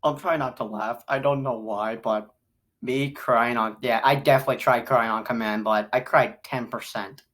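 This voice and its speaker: A woman giving a casual spoken film review who rambles and repeats herself, jumping from loud excited outbursts to low mutters. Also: normal speed.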